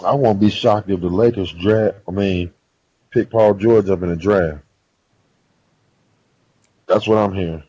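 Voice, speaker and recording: A man with a husky voice argues sports on a podcast, reeling off stats in relaxed slang. His mic sounds dry and a bit muffled. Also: low-pitched, unhurried, pauses often, dry recording. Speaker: podcast co-host. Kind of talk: casual sports chat.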